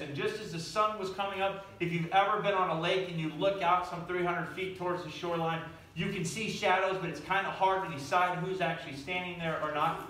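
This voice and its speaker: Animated man preaching in an echoey church. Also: high voice, slight background noise. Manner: animated, asks the audience questions. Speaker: pastor. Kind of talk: sermon storytelling. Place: church sanctuary. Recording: echoey room, from far off.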